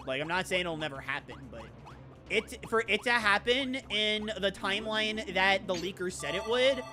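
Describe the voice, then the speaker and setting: Animated, rambling woman streamer. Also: medium pitch, normal speed. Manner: rambling, chatty and self-mocking, reacting to chat. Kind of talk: casual live-stream chatter while playing a video game. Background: game music.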